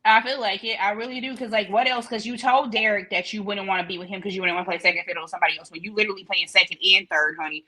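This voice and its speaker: A woman's voice: mid-range voice, fairly even intonation, very fast, few pauses, sharp tone. A woman co-hosting a casual talk show, reviewing soap episodes with blunt, sassy, profane banter. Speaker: podcast co-host. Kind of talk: casual chat.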